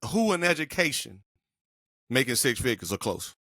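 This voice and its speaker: On a casual podcast, a middle-aged male co-host tells a personal story in an emphatic, slang-heavy way. His medium-pitched voice is sing-song and sharp, moving at a moderate pace, and the recording is dry with studio quality.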